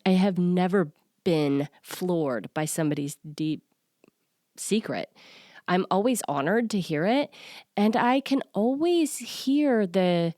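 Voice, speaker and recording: Low-voiced woman coach, earnest and confiding. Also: dry recording, clean studio sound. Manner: earnest, confiding, with soft laughs. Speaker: self-worth coach and podcast host. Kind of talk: personal solo podcast talk.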